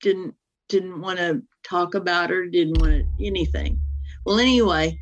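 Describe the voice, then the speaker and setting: A woman's voice: lowish voice, moderate pace, dull audio. Rambling woman in her sixties. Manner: rambling, keeps circling back with "well, anyway". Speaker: guest. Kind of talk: personal storytelling.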